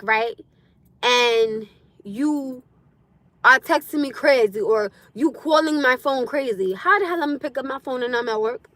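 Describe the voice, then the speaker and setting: A young adult woman ranting bluntly on a casual livestream, animated and laughing often. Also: high-pitched, no echo. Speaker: livestream host.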